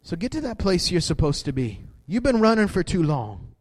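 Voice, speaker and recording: Man, preacher, high voice, lively swooping pitch, shifts from hushed to shouting. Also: moderate pace. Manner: animated preaching, swinging from quiet to shouting. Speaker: pastor. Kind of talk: sermon.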